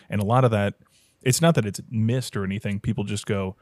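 Low-voiced brewer talking shop. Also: male voice, steady tone, brisk, a little mellow, no room sound, clean studio sound. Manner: technical, rambling, thinks aloud. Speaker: head brewer, podcast guest. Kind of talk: casual chat.

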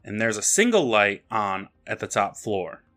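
Bright-voiced man recapping a plot. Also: on the low side, big pitch swings, normal speed, soft background music. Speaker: podcast host recapping an episode. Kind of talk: casual chat and plot recap.

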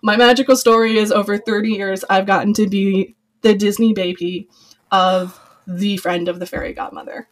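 A woman in her thirties, a podcast guest, telling a personal story in casual chat with an animated, storytelling manner. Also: mid-range voice, normal speed, low-quality recording. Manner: animated storyteller, quoting others in lively voices.

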